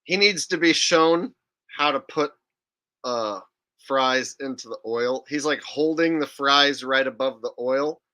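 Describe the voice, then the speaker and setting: A man's voice: mid-range voice, unhurried, pushed and bright. A man hosting a live stream, talking in an incredulous, profane, digressive way. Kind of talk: casual live-stream commentary.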